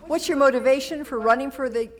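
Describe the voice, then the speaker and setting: A woman's voice: high voice, quick pace. A woman with a Massachusetts accent moderating a town candidates forum in a meeting room, talking loosely with fillers and restarts. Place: police station meeting room.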